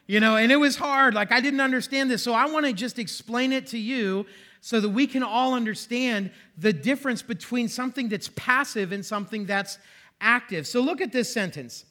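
A man preaching in a church, his voice high and bright. He teaches in a conversational way, slipping in self-deprecating jokes and asides to the congregation. The delivery stays friendly and informal. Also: moderate pace. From western Pennsylvania. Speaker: pastor. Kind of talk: sermon. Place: church sanctuary.

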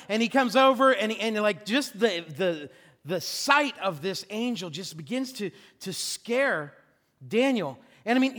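High, bright-voiced male pastor preaching. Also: long reverb tail. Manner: lively storytelling preacher, jokey asides. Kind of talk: sermon. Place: church sanctuary.

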